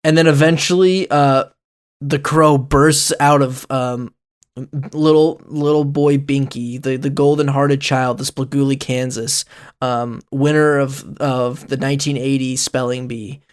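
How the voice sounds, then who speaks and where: A man's voice: mid-range voice, fairly even intonation, unhurried, clear, resonant tone. A young man narrating as game master, rambling and giggly with many fillers.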